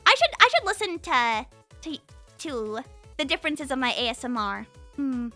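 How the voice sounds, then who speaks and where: A woman streamer chatting casually with her viewers, energetic and rambling, often restarting her sentences, on a compressed studio mic. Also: high voice, normal speed, faint music behind. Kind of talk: casual live-stream chat.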